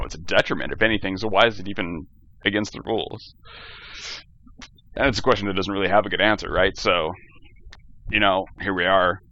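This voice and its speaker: A young man with a lowish voice rants through his solo podcast, profane, rambling, and jokey, his tone bright and forceful. He's the host, and his cheap gaming headset gives the recording a dull, lo-fi sound.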